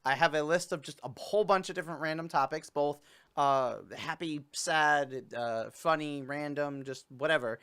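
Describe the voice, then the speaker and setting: Bright, clear-voiced young man hosting a stream. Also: on the high side, moderate pace. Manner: chatty, rambling, jokey with playful fake sobbing. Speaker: host. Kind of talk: casual livestream chat.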